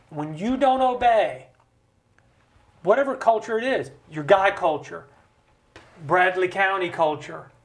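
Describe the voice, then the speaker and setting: A man, hosting a studio talk show and making his points emphatically with voiced quotes, like a preacher. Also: high-pitched. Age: 50s. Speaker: host. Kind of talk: conversational podcast talk, preaching-style. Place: recording studio.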